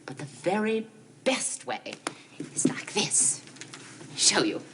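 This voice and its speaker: A woman's voice: medium pitch, sing-song, slow. This is a gushing, theatrical rich young woman in a 1970s TV soap opera. Her voice swoops widely as she fusses. A faint hiss sits under the TV soundtrack. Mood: affected. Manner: gushing, breathy and affected.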